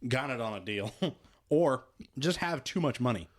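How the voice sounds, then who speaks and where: Chatty podcast man, middle pitch. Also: normal speed. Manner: animated recapping, laughs often, swears casually. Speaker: podcast co-host. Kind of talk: casual chat.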